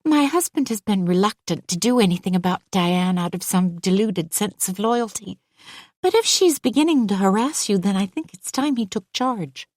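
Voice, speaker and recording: A woman's voice: expressive, normal speed, a little mellow, no room sound, studio quality, natural voice. A woman voicing an anxious young mother. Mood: indignant. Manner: pleading, agitated, pitch rising.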